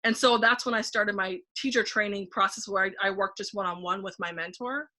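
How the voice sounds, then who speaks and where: A woman guest in a casual podcast conversation, telling a personal story in an animated way and acting out her own thoughts aloud, with frequent "like". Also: medium pitch, brisk. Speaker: podcast guest, painting facilitator.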